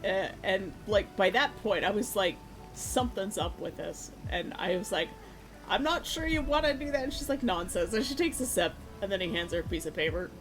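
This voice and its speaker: A woman chats casually on a stream while she paints, telling a story with a lot of energy and laughter. She slips into little voices for the people in the story. Lo-fi music plays clearly underneath her voice. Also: fairly low pitch, brisk. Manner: animated, laughing, acts out quoted voices.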